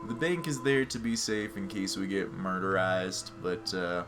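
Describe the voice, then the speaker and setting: Low-voiced man chatting over game music. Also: steady tone, a little slow. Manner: chatty, self-mocking, laughs easily. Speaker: let's play host. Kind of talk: casual game commentary. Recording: game music playing behind the voice.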